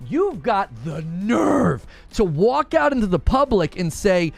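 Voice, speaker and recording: A man's voice: high-pitched, very animated, takes it slowly, vocal fry, hardly any pauses, soft background music. A man co-hosting a gaming news show, ranting in an exasperated, sarcastic way. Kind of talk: heated gaming podcast rant.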